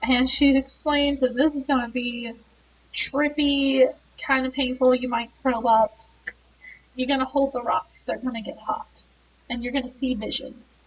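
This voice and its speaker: High-pitched lady chatting through a book plot, slow, laughy, faint hiss behind. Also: steady tone, distant mic, rough recording. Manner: chatty, laughs often, many fillers. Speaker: book reviewer. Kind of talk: casual plot retelling.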